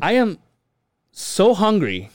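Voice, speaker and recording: Animated man telling a work story. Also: high-pitched, slow pace, no room sound, studio quality. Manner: animated storyteller, acts out quotes, swears, laughs often. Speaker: podcast co-host. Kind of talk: casual storytelling chat.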